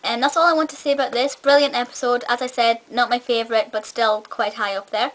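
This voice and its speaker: A woman's voice: fairly high pitch, brisk, a bit bright. A woman with a part-Scottish accent giving a casual, enthusiastic review vlog, chatty with frequent fillers and restarts. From Scotland. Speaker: film reviewer.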